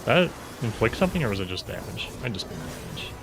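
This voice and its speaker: A man's voice: on the low side, very animated, fast, over music. A man streaming a video game, talking casually with wry, self-mocking asides muttered to himself. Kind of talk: casual gameplay commentary.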